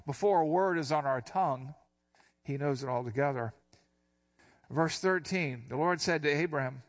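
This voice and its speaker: A man's voice: a little high, normal speed, pauses often. Older man teaching scripture conversationally. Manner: relaxed and explanatory, reads scripture then unpacks it. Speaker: pastor.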